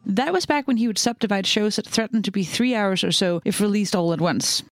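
A podcast co-host reads her recap in a blunt, wry voice, dropping insults as she goes. Her pitch sits in the middle, and the sound is close and dry. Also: fairly quick, no room sound, soft background music. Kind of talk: scripted podcast narration.

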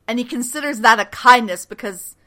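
Speaking a little high and fairly fast, this woman hosts a podcast where she chats casually about a TV episode. She acts out the quotes with energy and keeps breaking into laughter.

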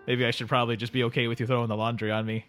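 A man's voice: mid-range voice, level tone, very fast, fairly bright tone, soft background music, natural voice. A man voicing a friendly, easygoing Canadian buddy with a put-on Canadian accent who says "buddy" and "eh" in a rambling, apologetic way, as a comedy bit on a podcast. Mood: cheery. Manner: calls everyone buddy, ends lines with eh, apologetic and rambling.

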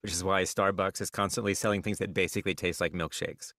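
A man chatting as a podcast guest author, relaxed and self-deprecating with a joking manner. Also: low voice, fast talker, dry recording, studio quality. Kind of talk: casual interview chat.

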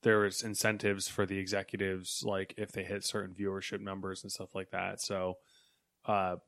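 A man's voice: low voice, completely flat delivery, moderate pace, creaky, a bit bright, no room sound, clean studio sound. A young man co-hosting a casual podcast, reading gaming news items aloud with frequent ums and chatty asides.

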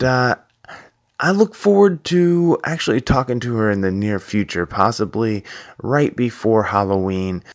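A man hosting a podcast, signing off in an easygoing way and plugging his social media. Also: on the low side. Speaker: podcast host. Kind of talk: podcast outro.

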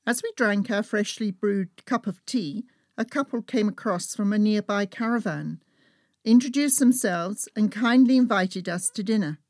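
A woman, reading her own travel memoir in a steady, measured storytelling manner. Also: medium pitch, dry recording, studio quality. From England. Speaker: author and narrator.

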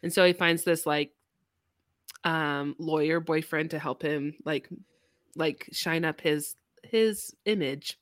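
A woman's voice: deep voice, takes it slowly, no room sound, clean studio sound. A woman co-hosting a podcast, recommending a book in casual, rambling chat with many fillers. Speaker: podcast co-host.

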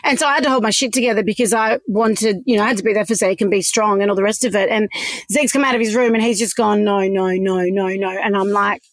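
A woman's voice: mid-range voice, fast talker, no echo. An Australian woman in her forties, candidly telling a personal story, swearing freely and laughing through hard memories. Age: 40s. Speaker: podcast guest.

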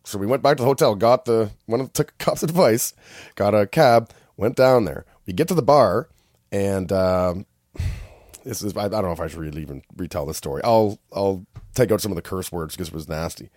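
Deep-voiced Canadian guy telling road stories. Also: brisk, no echo, clean studio sound. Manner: animated storytelling, acts out quoted people loudly. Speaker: storyteller in a casual conversation. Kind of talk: casual chat.

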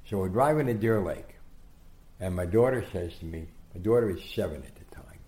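An older man telling anecdotes as an interview guest, animated, acting out quotes and often restarting his sentences. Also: deep voice, fairly quick. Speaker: guest storyteller. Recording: echoey room.

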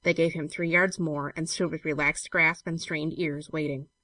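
A woman reading a classic story aloud in a measured, steady way. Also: sits low, no echo. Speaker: narrator.

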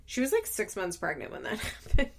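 A woman telling a story in a casual, chatty way, animated and quick to laugh, full of filler words. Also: medium pitch, vocal fry. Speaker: show recapper.

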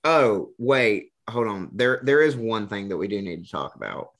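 Bright-voiced man joking about movies. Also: on the low side, normal speed. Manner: jokey, animated, does silly voices. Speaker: podcast co-host. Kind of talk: casual movie discussion.

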